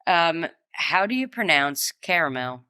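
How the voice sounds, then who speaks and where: A woman co-hosting a casual food podcast, playful and animated as she reads out debate topics. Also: deep voice, measured pace, smooth, no echo. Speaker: podcast co-host. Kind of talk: casual chat.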